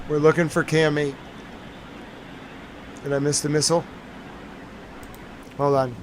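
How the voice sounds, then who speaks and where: A man's voice: fairly high pitch, little pitch movement, measured pace, pauses often, over music, rough recording. A tired man hosting a live stream, chatting casually and rambling to his viewers.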